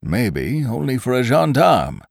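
A man's voice: mid-range voice, sing-song, unhurried, gravelly, no echo, studio quality, pitched above the performer's own voice, full character voice. A man doing a grumbling old innkeeper. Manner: grumbling, calling out.

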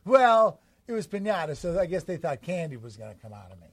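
A man co-hosting a comedy podcast, telling an absurd tall tale in a rambling deadpan way and acting out quotes. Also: sits high, brisk, no echo. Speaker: podcast co-host.

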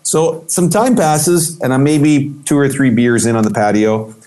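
A middle-aged man, a photographer, is a guest in a casual interview, and his mid-range voice moves a little slowly. He tells a long, lively anecdote with real animation, acting out the voices of the people he quotes.

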